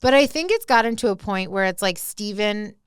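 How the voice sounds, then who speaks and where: A young woman co-hosting a casual pop-culture podcast, animated and peppered with "like". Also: medium pitch, a little fast, smooth, no echo, clean studio sound. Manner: animated, lots of "like" fillers. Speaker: podcast co-host.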